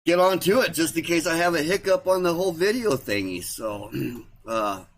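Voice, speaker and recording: A man's voice: on the high side, lively intonation, normal speed. A man hosting a casual livestream, rambling, repeating himself and trailing off as he talks. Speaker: livestream host.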